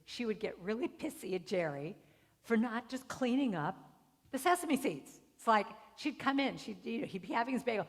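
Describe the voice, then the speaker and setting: A middle-aged woman speaker tells warm personal stories from the pulpit. She jumps into the voices of the people she describes. Her voice carries with a long reverb through the hall, at a middling pitch. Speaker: guest speaker. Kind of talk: storytelling sermon. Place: spiritual center hall.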